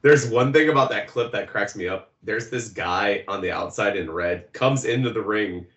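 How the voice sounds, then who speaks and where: A man's voice: fairly low pitch, moderate pace, a bit bright, echoey room, lo-fi sound. A man co-hosting a podcast in amused, casual chat. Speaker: podcast co-host.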